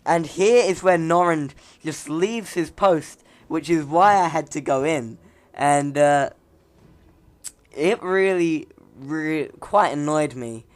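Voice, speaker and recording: His voice leans high and he takes his time as he chats loosely through the gameplay. Rambling and chuckling, he mocks himself, and every so often his voice cracks.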